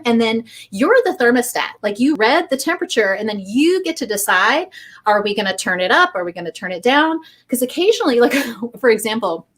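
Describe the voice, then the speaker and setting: Animated, higher-voiced woman book editor. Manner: animated, acts out voices when telling stories. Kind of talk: casual interview chat.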